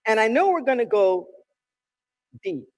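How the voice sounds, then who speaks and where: A minister preaching a sermon with emphatic delivery, drawn-out key words and sudden loud calls. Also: medium pitch, very animated. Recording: long reverb in a large hall.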